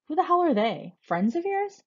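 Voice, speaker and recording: A woman's voice: high-pitched, very animated, normal speed, highs cut off, pitched above the performer's own voice. A woman reading aloud, voicing a frightened, angry teenage boy holding a gun, snapping and close to panic. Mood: tense. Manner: tense, snapping, edging into panic.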